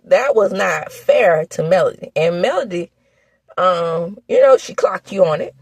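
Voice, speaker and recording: A woman from the American South with a Southern accent, recapping reality TV in sassy, animated casual commentary. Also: measured pace, slightly rough. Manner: sassy, animated, with laughs and sudden high exclamations.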